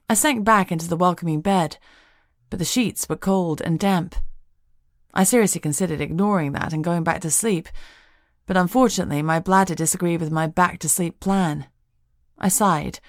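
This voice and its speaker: A woman narrating a first-person audiobook with a wry, lively storytelling manner. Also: lowish voice, no room sound, clean studio sound.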